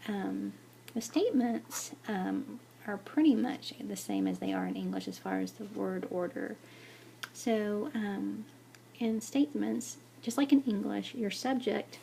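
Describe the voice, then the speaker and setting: Patient woman teaching, gravelly and mellow. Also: mid-range voice, slight background noise. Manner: patient, repeats "okay" and examples, many fillers. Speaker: Spanish teacher. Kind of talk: whiteboard lesson for students.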